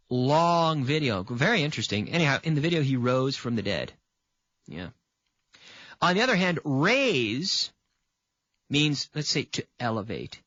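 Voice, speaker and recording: A man's voice: fairly high pitch, sharp tone, no room sound, dull audio. A man from Canada teaching an English grammar lesson on video. He repeats example sentences and checks in with the viewer by asking "okay?".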